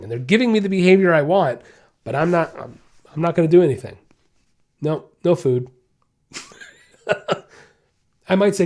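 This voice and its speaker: A man's voice: a little high, darkish tone. Emphatic man with a darker tone. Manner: emphatic, repeats key points, conversational. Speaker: dog trainer and podcast host. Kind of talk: podcast advice answer.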